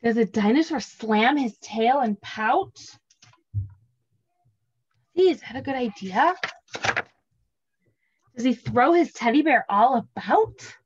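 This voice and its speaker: A woman in her thirties reads a picture book and sings to small children, gentle and expressive. She speaks slowly in a fairly high voice. The recording sounds dull and lo-fi. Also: husky. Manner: slow, gentle and expressive, singing and reading aloud. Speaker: preschool teacher. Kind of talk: children's story time and songs.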